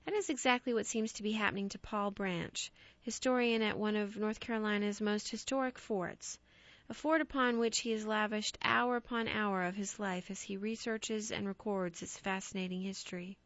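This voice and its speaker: A woman reads ghost stories aloud as an audiobook, measured and expressive. Her voice sits at a middle pitch. The recording is dry and close, with a slightly dull tone. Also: no echo. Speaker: narrator.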